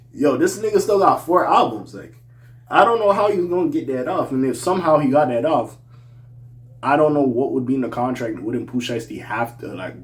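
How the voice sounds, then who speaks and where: A young man with a slight accent riffs through casual opinion commentary for his channel. His mid-pitched voice swings between loud, incredulous outbursts and low, mumbled asides. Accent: slight regional accent. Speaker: hip-hop commentary vlogger.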